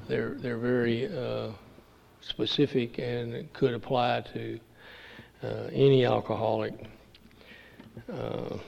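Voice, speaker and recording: Older man, from Texas, gravelly voice, halting folksy testimony, muffled lo-fi recording. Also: mid-range voice, darkish tone. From Texas, USA. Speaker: speaker at a recovery meeting. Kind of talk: personal testimony at a meeting. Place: meeting room. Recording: dull lo-fi recording with long hall reverb.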